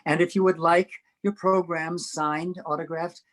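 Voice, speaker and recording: An older man recounting stories from his years touring on stage, laughing often as he goes. He acts out the other people's lines in his own tale, which gives the telling plenty of swing. It sounds like a relaxed, chatty interview. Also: fairly high pitch, measured pace, poor audio. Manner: animated storyteller, laughs often, acts out voices. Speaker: interview guest. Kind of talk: anecdotal storytelling.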